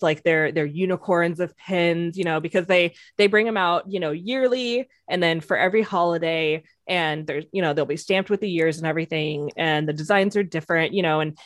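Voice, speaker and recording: A woman's voice: fairly low pitch, dry recording. Rambling woman, dry close mic. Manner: rambling, many fillers and restarts, laughs often. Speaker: guest, former theme park employee. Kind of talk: casual podcast chat.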